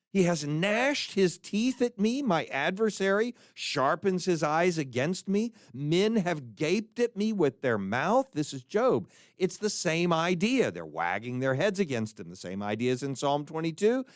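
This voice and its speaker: Male podcast teacher, high-pitched and lively, earnest scripture reading, close dry mic. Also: dry recording. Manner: earnest and animated, quoting scripture with feeling, small restarts. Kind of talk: conversational Bible teaching.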